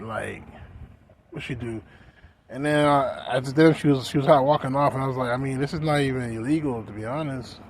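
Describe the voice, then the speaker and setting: A man ranting casually in a vlog, rambling and profane, dropping to mumbles and rising to loud outbursts. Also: a little hiss or hum. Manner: profane, rambling, keeps saying "you know what I'm saying"; swings between mumbling low and loud outbursts. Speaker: vlogger. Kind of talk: casual rant.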